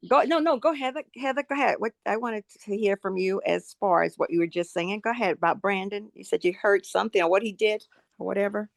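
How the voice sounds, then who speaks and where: A woman co-hosts a podcast interview from a video call, nudging the guest along with warm encouragement. Her voice has a middle pitch, and the sound is dry and close with no room around it. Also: fast, vocal fry, dry recording. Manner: warm, encouraging, frequent mm-hmms. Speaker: co-host. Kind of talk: casual interview chat.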